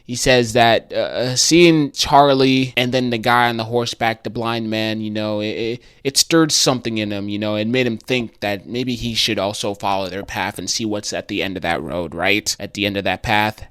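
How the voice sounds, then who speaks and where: A man casually recapping a television episode for his video, animated and slangy, with many restarts. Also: on the low side, moderate pace, few pauses, smooth, no echo, studio quality. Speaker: video creator.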